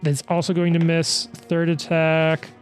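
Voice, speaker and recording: A man running a tabletop game as game master, calling attacks and damage in a quick, auctioneer-like play-by-play. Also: a little high, completely flat delivery, faint music behind.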